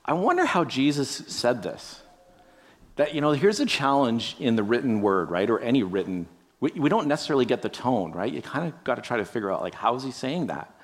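A man's voice: mid-range voice, very animated, brisk. A man preaching a conversational sermon, musing aloud, asking the listeners rhetorical questions and often tagging on "right?". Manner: addresses listeners directly. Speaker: pastor.

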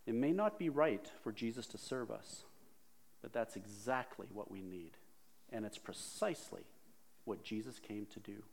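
A pastor with a lowish, gravelly voice preaches a sermon at normal speed. His style is conversational, and he asks the congregation questions.

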